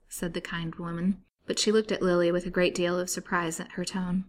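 A woman storyteller reading a novel chapter aloud in a steady, measured way. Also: lowish voice, a little hiss or hum.

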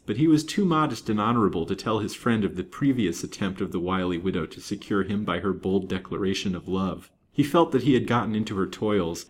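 Low-voiced man reading a novel aloud. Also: slight background noise. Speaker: storybook reader. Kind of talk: scripted narration of a Victorian novel.

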